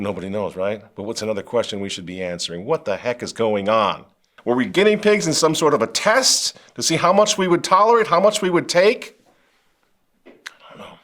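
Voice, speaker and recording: Middle-aged male host, impassioned commentary, very animated pitch, shifts from hushed to loud outrage. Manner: fervent, swings from quiet intensity to loud outrage. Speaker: show host.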